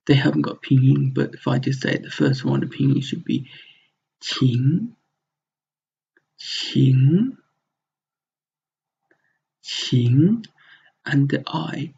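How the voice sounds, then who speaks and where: Man, language teacher, gravelly husky voice, mellow, dull lo-fi recording. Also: medium pitch. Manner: explains step by step, repeats words to model pronunciation. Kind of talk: recorded slide lesson. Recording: dull lo-fi sound.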